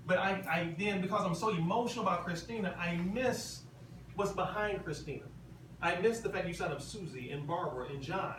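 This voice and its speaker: A man's voice: sits high, fairly quick. A man giving a motivational convention talk, emphatic and repetitive, throwing questions at the crowd. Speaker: motivational speaker. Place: large convention hall. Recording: echoey hall from far off, ambient noise.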